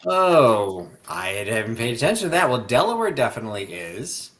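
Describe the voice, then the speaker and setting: A man's voice: mid-range voice, big pitch swings, moderate pace, a bit bright. A man co-hosting a live sale stream, chatting casually and telling stories that trail off mid-sentence. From US Midwest. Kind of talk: casual chat.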